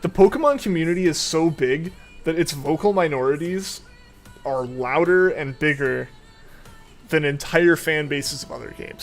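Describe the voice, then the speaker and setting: A young man streaming a game, chatting casually and rambling with many fillers and restarts. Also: a little high. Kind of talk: casual chat while gaming.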